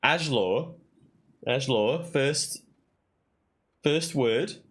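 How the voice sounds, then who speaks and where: Guy streaming a puzzle game, slow and chill, sounding out weird words to himself. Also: medium pitch, a bit bright, breathy edge. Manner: thinks aloud, sounds out invented words. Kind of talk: casual let's-play commentary.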